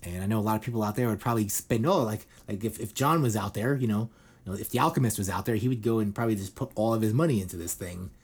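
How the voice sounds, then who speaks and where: A man's voice: on the low side, very fast, slightly rough. A middle-aged man hosting a casual news chat show. He rambles irreverently, swears and fills his talk with "like" and "you know". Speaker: podcast host.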